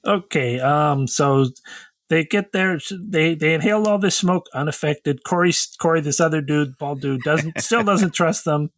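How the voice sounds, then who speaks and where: A man's voice: a little high, a little slow, no echo. A man co-hosting a casual comedic chat, recapping the plot and teasing his co-host in a dry way. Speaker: podcast co-host.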